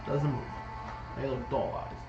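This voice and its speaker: A man narrating as game master of a tabletop game, quick and offhand. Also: medium pitch, steady tone, echoey room, highs cut off, music in the background.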